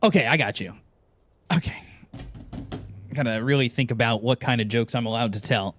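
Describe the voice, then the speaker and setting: A man's voice: normal speed, a little hiss or hum. A man co-casting an esports stream, chatting casually and telling long jokes with acted-out voices. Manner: animated, acts out joke characters with pitch jumps. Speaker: esports co-caster.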